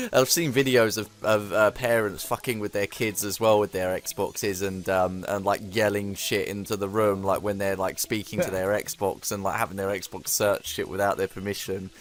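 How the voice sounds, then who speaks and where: A man's voice: fairly low pitch, moderate pace, hardly any pauses. Chatty man swearing between laughs. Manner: rambling, swears freely, laughs often. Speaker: gamer co-host. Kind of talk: casual chat while gaming.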